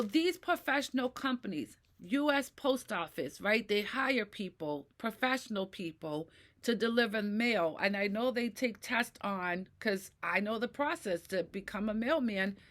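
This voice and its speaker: A woman's voice: on the high side, expressive, unhurried, sharp tone. A middle-aged woman vlogging in a ranting monologue who swears and keeps asking "right?". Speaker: mental health vlogger. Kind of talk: personal venting monologue.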